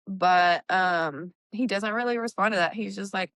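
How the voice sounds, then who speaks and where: Woman book-chat host, casual and animated; smooth resonant tone, dry sound. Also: mid-range voice, unhurried, no echo. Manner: animated recapping, acts out quotes, swears. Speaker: book club podcast host.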